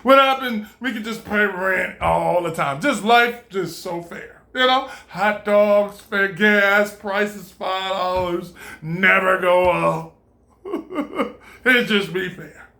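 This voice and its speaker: A man giving an animated, preachy motivational monologue, laughing often and swearing freely. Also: sits high, slow, vocal fry. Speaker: vlogger.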